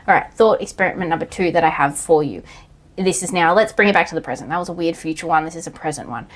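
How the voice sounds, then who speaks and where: A woman, talking through a solo coaching podcast in a blunt, casual way, swearing now and then and yelling out acted lines. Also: sits low, quick pace. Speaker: online coach and physiotherapist.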